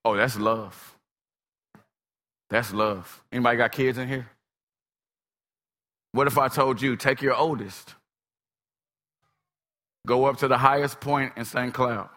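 A man preaching a sermon with dramatic storytelling, swinging from shouts to whispers. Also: medium pitch, fairly even intonation, measured pace, pauses often, long reverb tail.

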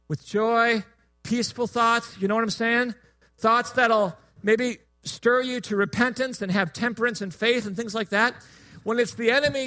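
A man preaching a sermon in a relaxed, conversational way, joking with his listeners and asking them questions. His voice is strikingly high for a man and bright in tone. He shifts easily between teaching and humor.

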